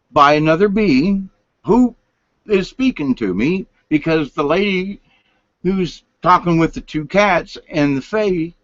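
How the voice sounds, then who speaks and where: Older man, folksy late-night rambler, pitch rises and falls a lot, dry close sound. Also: fairly bright tone, no room sound. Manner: folksy, meandering, drops to whispers. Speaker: vlogger. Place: home room, lights turned down. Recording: dull lo-fi sound.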